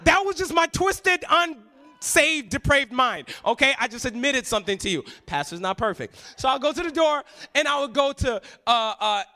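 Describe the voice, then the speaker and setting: A man preaching as a pastor, swinging between loud emphatic passages and hushed, quiet ones. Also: extremely high pitch, animated, moderate pace. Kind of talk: sermon.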